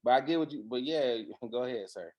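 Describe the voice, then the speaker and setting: A man telling loose, profane, slang-heavy stories in a casual chat, recorded in a quiet room at home. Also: medium pitch, fairly quick. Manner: animated, profane storyteller with slang. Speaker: podcast guest.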